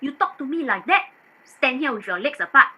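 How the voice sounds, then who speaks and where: A woman's voice: high-pitched, very animated, fairly quick, pushed and bright, breathy edge, full character voice. Woman playing a whiny wealthy madam. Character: self-pitying wealthy middle-aged female employer. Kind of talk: staged play reading over video call.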